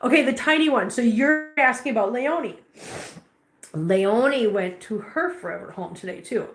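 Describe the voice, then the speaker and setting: Speaking at a normal speed with a fairly high pitch, the cat-rescue vlogger shares a story with her live-stream viewers in an emotional, chatty, casual way. Her indoor cat room echoes, with a faint hum of ambient noise.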